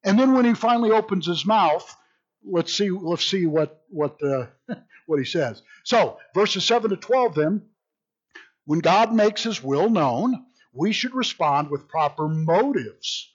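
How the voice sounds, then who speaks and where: Animated, joking male Bible teacher with a somewhat high voice, repeats himself mid-thought, muffled lo-fi sound. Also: unhurried. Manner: animated, jokey, repeats words while thinking. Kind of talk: informal Bible study teaching.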